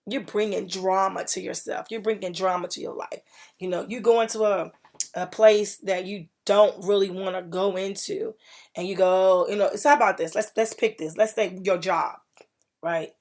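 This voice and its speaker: A woman hosting a faith-based podcast, talking in an encouraging, preachy way. Her voice has a gravelly, creaky texture. She repeats her key lines for emphasis. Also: mid-range voice, steady tone, moderate pace, a little mellow. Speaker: podcast host.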